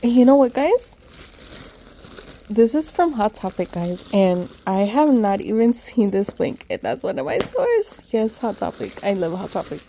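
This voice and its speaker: Excitable woman unboxing gifts, mellow voice. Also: medium pitch, unhurried, slight background noise. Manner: excitable, says "guys" constantly. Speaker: vlogger. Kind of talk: casual unboxing chat.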